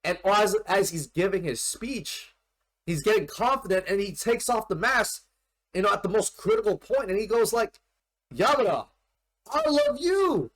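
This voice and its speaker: High-voiced man gushing about anime. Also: normal speed. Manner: rambling and animated, with casual swearing. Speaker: anime reaction host. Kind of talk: casual reaction commentary.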